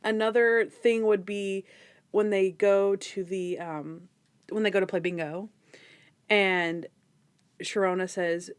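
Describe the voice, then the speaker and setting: A woman's voice: medium pitch, fairly even intonation, unhurried, clear, resonant tone. A woman hosting a podcast, chatting casually and giggling as she recaps a TV show. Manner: chatty, giggly, acts out scenes in quotes. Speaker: podcast host.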